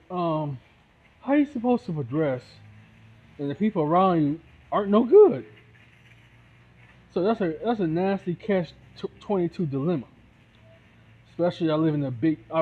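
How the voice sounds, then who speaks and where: A man's voice: fairly high pitch, lively intonation, normal speed, pauses often. A man from Ohio ranting heatedly to the camera, repeating himself and tossing in "you know what I'm saying" again and again. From Toledo, Ohio. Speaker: independent musician. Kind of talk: angry rant to camera. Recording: tinny phone-like audio.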